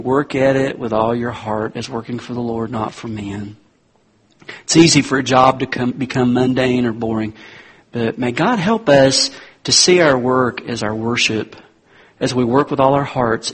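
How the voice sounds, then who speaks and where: A man preaching a sermon to his congregation, telling stories with sudden loud peaks. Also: mid-range voice, slightly rough. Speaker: pastor.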